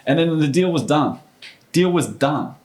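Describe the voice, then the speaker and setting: A middle-aged man, a former basketball player, telling stories as a podcast guest in an animated, casual way. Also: on the high side, measured pace. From Australia. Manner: animated storyteller, acts out quoted voices. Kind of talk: casual storytelling interview.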